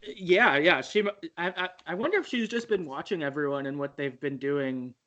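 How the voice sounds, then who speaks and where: Guy recapping a game for his podcast, kinda higher voice, rambly and laughy. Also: normal speed, sharp tone, lo-fi sound. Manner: rambling, many fillers and restarts, laughs easily. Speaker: podcast co-host. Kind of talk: casual game recap chat.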